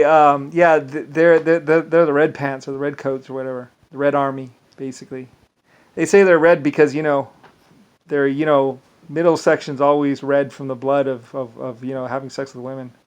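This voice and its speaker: A man speaks to the camera in a loose, rambling monologue. His voice sits a little high for a man. He keeps restarting sentences and drops into quoted asides along the way. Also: fairly even intonation, normal speed, clear, resonant tone. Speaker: vlogger.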